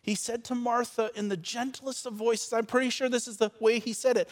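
A man preaching a sermon as pastor, repeating words as he stumbles, swinging between loud and soft passages. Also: very high voice, fairly even intonation, moderate pace, hardly any pauses. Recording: long reverb of a large church hall.

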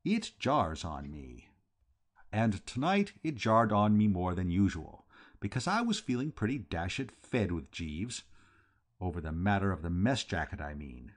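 A man reading a comic novel aloud in a wry, lively first-person narration. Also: low-pitched, measured pace. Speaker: audiobook reader.

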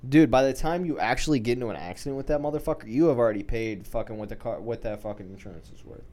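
A man's voice: medium pitch, fast talker, darkish tone. A man co-hosting a podcast, arguing his point in casual, profane banter. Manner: argumentative, explains with hypotheticals. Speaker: podcast co-host.

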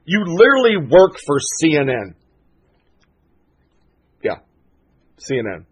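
A man's voice: a little high, sing-song, takes it slowly, slightly rough, low-quality recording. A male show host delivering a solo commentary monologue, ranting in a fired-up, profane and sarcastic way.

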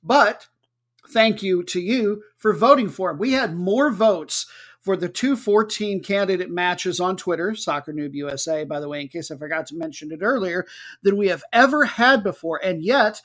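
Male podcast host, casual and wry, chatty with ums and uhs, higher voice. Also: moderate pace, a bit bright. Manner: jokey, chatty, with filler words. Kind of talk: casual chat.

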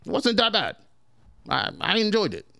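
A man's voice: sits high, huge pitch swings, normal speed, creaky, bright, forceful tone, no echo, studio quality, voice pushed up, full character voice. A man putting on a stern German general with a German accent, grave and clipped. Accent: German, put on.

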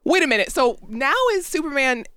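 A woman's voice: high voice, expressive, fairly quick, a bit bright, no room sound, studio quality. A woman co-hosting a comedy podcast, summarizing a story and teasing her co-host's reading. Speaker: podcast co-host. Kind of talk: casual comedic chat.

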